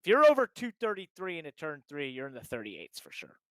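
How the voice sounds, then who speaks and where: A man hosting a live racing stream, pitched a touch high with a smooth, polished tone. He calls each lap with mounting excitement and keeps repeating his favorite hype phrases. The sound is dry and close, with no room around it. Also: a little fast, no room sound. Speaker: sim racing broadcast host. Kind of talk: live race commentary.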